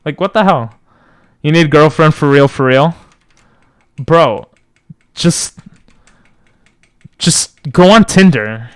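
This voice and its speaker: A young man streaming from home on a close boom mic, rambling and joking as he answers chat. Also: lively intonation, slow, pauses often, smooth, no room sound. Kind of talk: casual live-stream chat. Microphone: boom mic close to the mouth.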